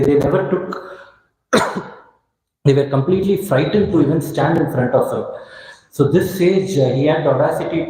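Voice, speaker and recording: A man giving a scripture class, telling a story in a halting way with many restarts and fillers. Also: medium pitch, dark tone, very echoey, rough recording. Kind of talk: sermon with storytelling. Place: temple hall.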